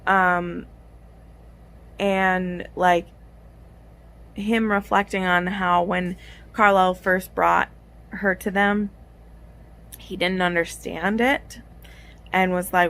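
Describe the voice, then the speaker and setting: A woman's voice: fairly low pitch, level tone, slow, long pauses, fairly bright tone. A young woman vlogging about a book she is reading, chatty and gushing, with many fillers. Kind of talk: casual reading vlog.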